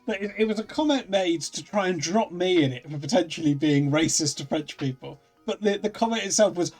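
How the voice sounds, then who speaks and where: A man streaming a puzzle game in casual chat, rambling and self-mocking with many quick restarts. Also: high-pitched, darkish tone, faint music behind. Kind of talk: casual let's-play chat.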